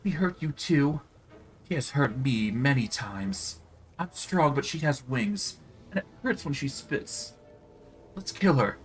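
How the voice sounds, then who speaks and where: A man's voice: medium pitch, lively intonation, takes it slowly, faint music behind, pitched above the performer's own voice, poor audio. A man voicing a vain, petulant female demon queen in a video game, whiny and clumsily flirtatious. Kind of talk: reading game dialogue aloud on stream.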